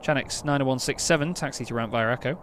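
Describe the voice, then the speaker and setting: An English man streams live while playing an air traffic control game, talking casually and quickly as he thinks aloud, slipping into crisp, clipped radio-controller phrasing. His pitch is ordinary, and faint hiss sits under the desk microphone.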